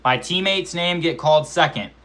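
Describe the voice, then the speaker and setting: A man's voice: a little high, expressive, normal speed, pushed and bright. A man in his twenties telling a casual, profane story about his amateur fight, acting out quotes and sound effects. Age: 20s. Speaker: amateur MMA fighter vlogger.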